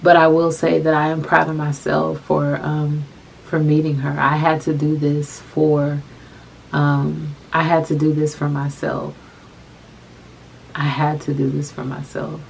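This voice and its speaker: A young adult woman telling a personal story to camera, soft-spoken and halting, often repeating her phrases. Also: low voice, completely flat delivery, creaky, a little hiss or hum, poor audio. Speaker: vlogger.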